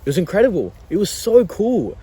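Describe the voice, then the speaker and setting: A young man from Iran, telling stories in a laid-back, animated way with casual slang during an outdoor interview. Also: sits high, brisk, breathy edge, low-quality recording. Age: young adult.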